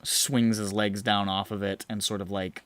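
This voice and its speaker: A man's voice: fairly low pitch, level tone, moderate pace, a bit bright, clean tone. A man narrating a tabletop game as game master, describing scenes in a loose, rambling way. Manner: rambling, many fillers and restarts.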